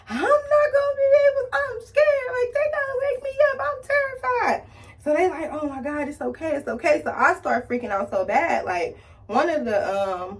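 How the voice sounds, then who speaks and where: This chatty beauty vlogger tells a casual story over her makeup routine, animated and a bit higher-pitched, sounding slightly off-mic because the mic sits far away. She performs every voice in the tale, swinging her pitch widely for each quoted person.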